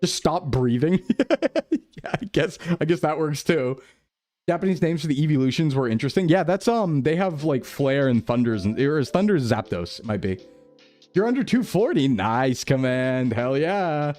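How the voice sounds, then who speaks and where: A man's voice: on the high side, expressive, moderate pace, darkish tone, faint music behind. A man streaming, chatting casually with his viewers and laughing often. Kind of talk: casual chat reading chat.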